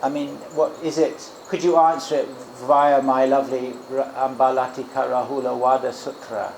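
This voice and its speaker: A man teaching as a Buddhist monk, giving an informal dharma talk and guided meditation in a gentle, musing way with frequent restarts. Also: medium pitch, flat delivery, moderate pace, gravelly, slight background noise. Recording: echoey room with loud crickets. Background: crickets and insects.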